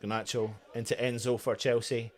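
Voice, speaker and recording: A man's voice: medium pitch, flat delivery, moderate pace. A man hosting a live fan watchalong of a football match, commentating on the play as it happens and cheering his team. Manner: shouting, chanting, celebrating goals.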